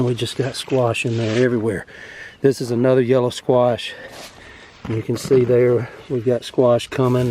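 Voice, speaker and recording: A man's voice: medium pitch, a little mellow, slight background noise. A man, out of breath, rambling easily and with many fillers as he walks through his vegetable garden outdoors. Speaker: farm vlogger. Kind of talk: casual garden walkthrough.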